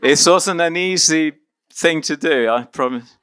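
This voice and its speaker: A man's voice: a little high, measured pace, background noise. A man from Argentina leading an interactive teaching workshop, upbeat and encouraging as he coaxes volunteers along.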